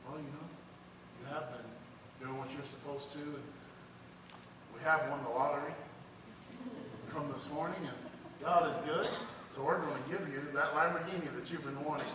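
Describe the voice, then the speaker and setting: A man preaching a sermon in a church sanctuary, telling stories emphatically and swinging between loud peaks and hushed passages. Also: a little high, normal speed, long pauses, noisy background. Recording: echoey hall from far off.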